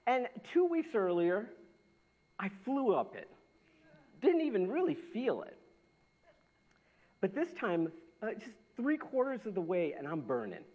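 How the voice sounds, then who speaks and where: With a high-pitched voice and a measured pace, this pastor pauses often as he preaches. The sound is dull and lo-fi, and his animated stories are marked by repeated phrases and frequent restarts.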